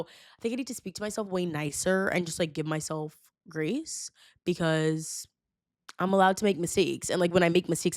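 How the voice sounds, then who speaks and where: A woman's voice: fairly low pitch, dry recording, studio quality. A woman in her twenties hosting a casual solo podcast, chatty and dramatic, full of "like" fillers. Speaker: podcast host. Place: New York.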